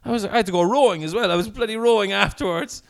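A man's voice: sits high, fast talker, creaky. An Irish man hosting a comedy podcast, telling stories in casual, sweary chat and slipping into acted quotes.

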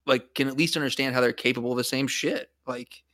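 A man's voice: medium pitch, fairly even intonation, fast, pushed and bright, no echo, studio quality. A man in casual chat about a TV series, rambling with many fillers and casual swearing. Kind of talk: casual chat recapping a TV show.

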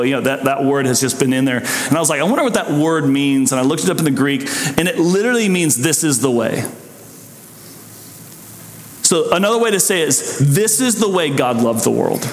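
A man preaching a sermon as pastor, conversational and animated, often restarting and throwing in asides. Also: mid-range voice, creaky, a little hiss or hum. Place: church sanctuary. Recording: echoey hall.

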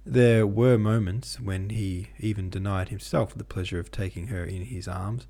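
Mellow-voiced man reading a classic novel. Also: lowish voice, steady tone, moderate pace. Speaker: podcast host and reader.

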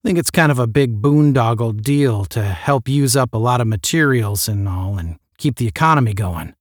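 A man's voice: medium pitch, animated, moderate pace, dry recording, studio quality, natural voice. A man voicing a retired spaceman who talks in a casual, slangy way in an audiobook. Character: retired male spaceman, casual and rough-spoken.

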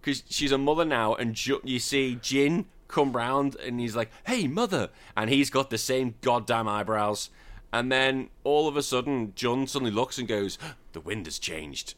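Bright-voiced sweary podcast host. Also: male voice, mid-range voice, moderate pace. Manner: sweary, mocking, acts out characters' lines. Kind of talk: casual comedic film chat.

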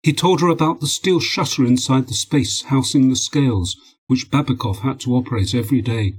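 A man narrating an audiobook in a steady, measured reading. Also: medium pitch, slightly rough, low-quality recording.

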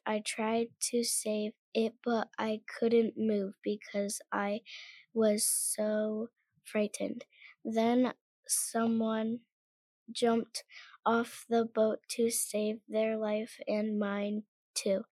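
A young girl reading her own made-up adventure story aloud, in an earnest, halting way. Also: on the high side, darkish tone, no echo.

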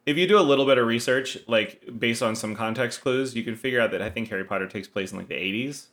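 A man's voice: medium pitch, fast talker, fairly bright tone. A man who is a guest on a podcast, chatting casually with dry jokes. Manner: dry, joking, laughs easily. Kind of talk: casual book-discussion chat.

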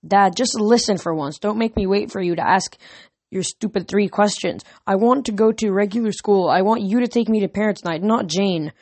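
A woman's voice: fairly low pitch, animated, normal speed, a little mellow, no room sound. A woman reading the part of a hurt, angry teenage girl who pleads emotionally, recorded dry and close. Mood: upset. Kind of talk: audiobook character reading.

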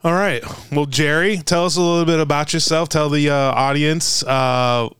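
A man hosting a casual sports talk show, easygoing and quick to laugh. His voice comes through crisp and very clear. The sound is dry and close, with no room echo. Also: a little high, fairly even intonation, fairly bright tone. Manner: laid-back, laughs often, steers the talk. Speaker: podcast host. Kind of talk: casual sports podcast chat.

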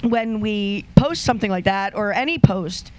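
A man's voice: high-pitched, normal speed, poor audio. A man co-hosting a radio show, chatting casually and rambling through a story. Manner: rambling storyteller with restarts and quoted asides. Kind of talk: casual chat.

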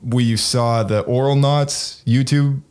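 A man's voice: mid-range voice, steady tone, slow pace, darkish tone, clear, resonant tone. A man co-hosting a casual chat, rambling and full of fillers and hedges. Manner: rambling, filler-heavy, hedging. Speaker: podcast co-host.

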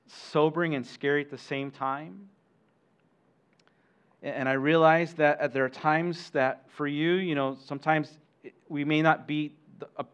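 A man's voice: fairly high pitch, fairly bright tone. A man preaching a sermon as pastor, talking conversationally with asides to the congregation and frequent restarts.

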